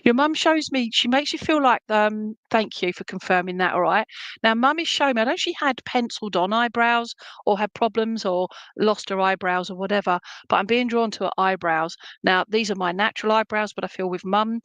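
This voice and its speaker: A woman's voice: mid-range voice, brisk, a bit bright, dry recording. Woman, spiritualist medium, clairvoyant reading, chatty, reassuring, lots of fillers, dry close mic. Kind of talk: clairvoyant reading in an online service.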